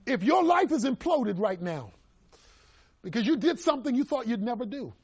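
A middle-aged male pastor preaching a sermon, emphatic, swinging between loud cries and hushed asides. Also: very high-pitched, sing-song, moderate pace, breathy edge.

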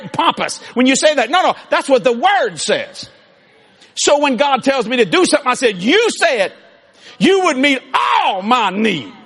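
A man preaching a sermon in an animated way, often shouting and laughing. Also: very high-pitched, slightly rough.

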